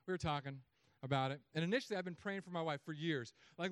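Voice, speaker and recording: Animated pastor, high bursts. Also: male voice, very fast, no echo, clean studio sound. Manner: animated storytelling with sudden loud, high bursts. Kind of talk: sermon.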